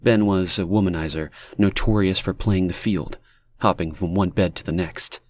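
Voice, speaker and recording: A man narrating a dark fiction audiobook in a steady, measured reading. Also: deep voice.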